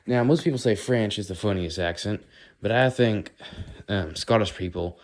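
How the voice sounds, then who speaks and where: American guy, very low voice, casual rambling vlog musings. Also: moderate pace. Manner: rambling, musing, does playful accent impressions. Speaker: vlogger. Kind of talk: casual walking monologue.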